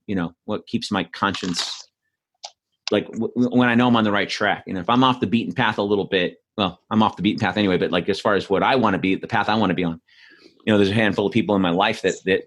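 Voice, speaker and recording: A man's voice: low voice, a bit bright. A man hosting a podcast, chatting casually and telling stories in a rambling way with many fillers and restarts. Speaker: podcast host, answering questions. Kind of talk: casual chat, storytelling.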